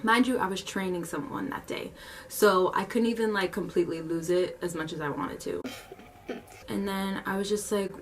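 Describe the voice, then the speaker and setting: A woman's voice: medium pitch, far from the mic, a little hiss or hum. A young woman animatedly telling a story in casual, slangy speech. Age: young adult. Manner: animated, slangy, fast retelling.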